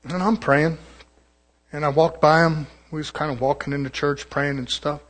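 A pastor with a high voice preaches to his congregation. The man is folksy and conversational. He drops into quick imitations of other preachers. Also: flat delivery, a bit bright. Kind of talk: sermon.

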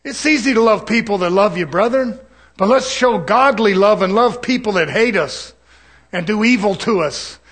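A man preaching a folksy sermon, mixing jokes and laughter with scripture and swinging from soft asides to loud, fervent preaching. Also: high-pitched, normal speed. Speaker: pastor.

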